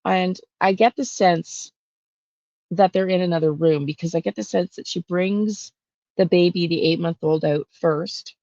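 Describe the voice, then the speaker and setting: A woman talking straight to camera as a true crime intuitive, rambling and halting with lots of fillers and restarts. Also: lowish voice, fairly even intonation, darkish tone, no echo, lo-fi sound. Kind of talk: casual monologue on camera.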